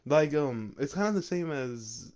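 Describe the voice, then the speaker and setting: Man retelling a fan story from his bedroom, rambling and full of fillers, with a mellow voice. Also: on the high side, animated, measured pace. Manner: rambling, filler-heavy, laughs often.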